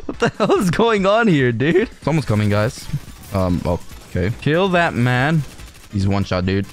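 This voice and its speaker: A man commenting casually on his own online match, excitable and jokey, yelping at surprises. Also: medium pitch, unhurried. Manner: excitable, jokey, laughs often and yelps at surprises. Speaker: gaming channel host.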